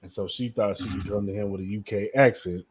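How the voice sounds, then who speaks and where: A man's voice: on the low side, steady tone, fairly quick, slightly rough. A young man co-hosting a podcast, giving blunt, slangy opinions in casual chat. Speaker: podcast co-host.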